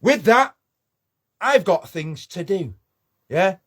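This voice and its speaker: A man's voice: sits high, big pitch swings, takes it slowly, a little hiss or hum. A man ranting angrily to camera, swearing and confrontational. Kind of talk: angry video rant.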